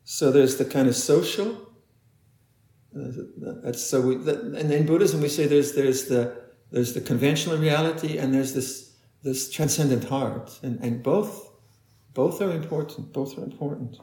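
A man teaching meditation in a dharma talk, speaking haltingly, often repeating words and laughing softly. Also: fairly high pitch. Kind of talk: dharma talk answering questions. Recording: echoey room.

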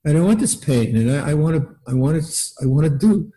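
A man's voice: a little high, lively intonation, a little fast, dark tone, low-quality recording. An older man giving a casual meditation talk, laughing often, repeating words and acting out little quotes in a raised voice. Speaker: meditation teacher. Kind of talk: dharma talk.

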